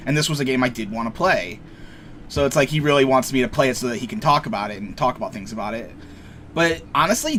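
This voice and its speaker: A man's voice: mid-range voice, fairly bright tone, a little hiss or hum. A young man casually commenting on a game he plays, rambling, joking and swearing freely. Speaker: let's play streamer.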